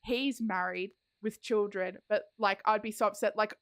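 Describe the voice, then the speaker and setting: A woman's voice: medium pitch, steady tone, moderate pace. A woman streamer chatting casually while playing a game, rambling and giggling. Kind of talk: casual chat while gaming.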